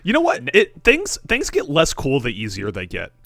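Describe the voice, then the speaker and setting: A man's voice: medium pitch, wildly swooping pitch, normal speed, creaky, fairly bright tone, dry recording. A man co-hosting a sports podcast in casual chat, wry and riffing, with casual swearing. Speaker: podcast co-host.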